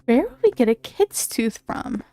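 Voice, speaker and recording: A woman's voice: a little high, big pitch swings, unhurried, dark tone, slight background noise. A woman streaming a video game, talking in chatty, rambling casual commentary full of fillers.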